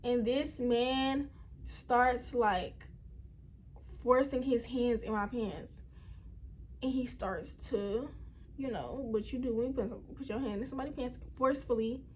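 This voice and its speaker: A young woman with a high, light voice tells a personal story in a loose, rambling way. She keeps turning to her viewers as she talks. A faint room hum sits behind her at home. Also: measured pace, darkish tone. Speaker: vlogger. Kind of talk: casual storytime. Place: indoors at home.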